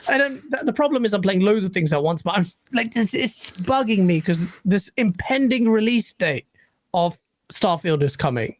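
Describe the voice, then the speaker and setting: A man's voice: high voice, animated, normal speed, no room sound. A man co-hosting a casual gaming chat show, joking and rambling and swearing freely. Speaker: co-host.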